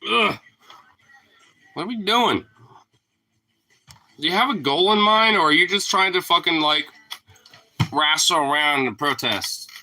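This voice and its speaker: A man chatting to his dog in a home vlog, with a playful, teasing manner and casual swearing. His voice is bright and forceful, and his pitch swings a lot. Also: lively intonation, measured pace, long pauses. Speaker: dog owner.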